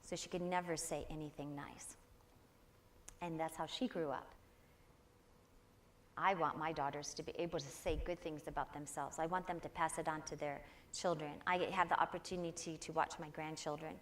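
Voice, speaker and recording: A woman's voice: low voice, steady tone, normal speed. An older woman giving an inspirational talk to a congregation, telling personal stories in an earnest way. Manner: personal storytelling, warm and earnest, with quoted voices. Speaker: guest speaker.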